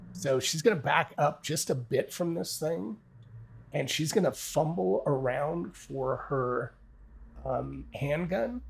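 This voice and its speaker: A man's voice: medium pitch, vocal fry, breathy edge. A man thinking aloud as he plays a solo tabletop game, narrating dice rolls and often stopping to correct himself.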